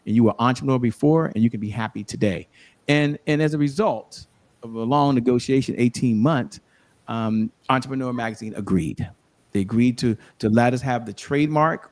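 A man speaking as an interview guest, telling animated stories and giving motivational encouragement in a conversational style. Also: mid-range voice. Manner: animated storyteller, preachy encouragement. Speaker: guest, show host and sales coach.

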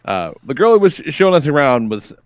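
A man co-hosting a podcast, telling stories in an animated, casual way with some swearing. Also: mid-range voice, fast, dry recording. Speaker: podcast co-host. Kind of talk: casual chat.

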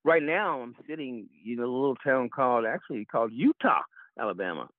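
A man's voice: mid-range voice, expressive, a little fast, no echo. A man co-hosting from a small Southern town, chatting casually and rambling with fillers. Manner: warm rambling praise, many fillers. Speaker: co-host. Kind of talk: casual interview chat. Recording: tinny phone line.

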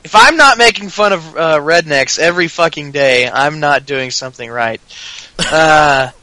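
A man's voice: on the high side, moderate pace, bright, forceful tone, no room sound, low-quality recording. A man with a Southern US accent co-hosting a podcast, recapping wrestling in a sarcastic, profane way. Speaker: podcast co-host. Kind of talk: casual chat.

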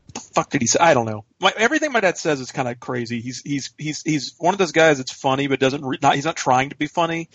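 A man, co-hosting a podcast, telling a story in an animated way and swearing freely. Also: a little high, fast, breathy edge, no echo. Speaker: podcast co-host. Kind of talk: casual storytelling chat. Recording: dull lo-fi podcast audio, dry.

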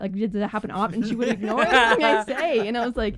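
Young woman, casual storytelling, animated, filler-heavy, mid pitch, dry close mic. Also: fast, dry recording.

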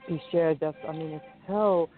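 A man's voice: a little high, steady tone, normal speed, faint music behind. A man earnestly and hesitantly praising a poem in casual chat on a live show. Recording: tinny phone line with faint hiss.

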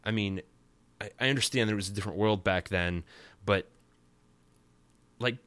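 A man's voice: fairly low pitch, normal speed, pauses often, a bit bright, dry recording. A man hosting a podcast, giving a rambling, wry and sarcastic recap of a cartoon episode. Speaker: podcast host.

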